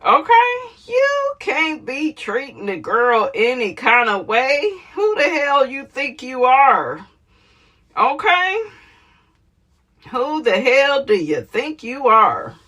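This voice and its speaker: Sassy, animated woman gossip host. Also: a little high, slow pace, hardly any pauses. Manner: sassy, animated, laughs often, calls viewers honey. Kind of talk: casual reality TV gossip commentary.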